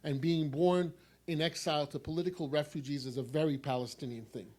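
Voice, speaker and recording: A man with a New York accent gives a poetry reading in a fairly high voice for a man. His delivery is wry and dry, and he circles back to a refrain again and again. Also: steady tone, brisk, darkish tone. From New York City. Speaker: poet.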